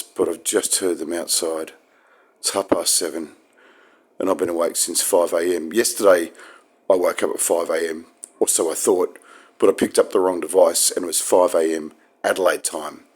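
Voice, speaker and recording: A man's voice: steady tone, moderate pace, husky. A man vlogging a rambling, wry monologue, drifting off on tangents and jumping up for emphasis. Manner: wry, digressive, with sudden emphatic pitch jumps.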